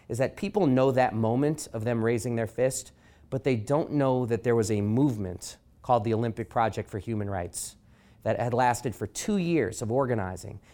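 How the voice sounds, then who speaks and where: A man giving a talk at a library as an author, telling stories and acting out quotes with lively energy. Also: mid-range voice. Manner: animated storyteller acting out quotes. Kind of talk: public lecture with anecdotes. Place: library event room.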